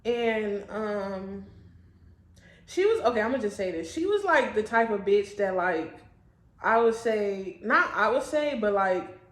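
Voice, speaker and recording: A woman's voice: mid-range voice, expressive, unhurried. A young woman vlogger telling a casual storytime, blunt and profane, laughing often. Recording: echoey room.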